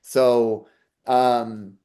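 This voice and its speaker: A man's voice: mid-range voice, level tone, drawn-out words, warm tone. A man who works as a psychic medium, giving an earnest inspirational talk and often checking in with listeners. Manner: earnest, repeats "okay?" to the audience. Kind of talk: inspirational talk with personal story.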